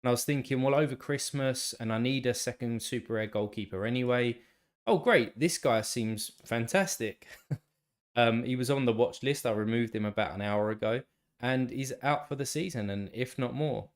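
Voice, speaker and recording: A man's voice: mid-range voice, steady tone, brisk. Nasal, tired-sounding man chatting on stream. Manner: rambling, talks to chat viewers by name, many restarts. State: congested, still a bit tired. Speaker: live stream host. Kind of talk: casual live stream chat.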